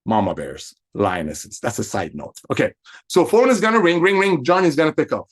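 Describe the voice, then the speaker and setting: A man's voice: on the high side, sing-song, brisk, husky. A man coaching network marketing, acting out phone calls and repeating key phrases for emphasis. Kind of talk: coaching talk with role-played phone calls.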